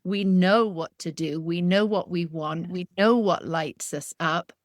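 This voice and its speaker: A woman podcast host speaks slowly and calmly in a fairly low voice. She sounds reflective and affirming. The recording is dry and close. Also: dry recording. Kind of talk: casual interview talk.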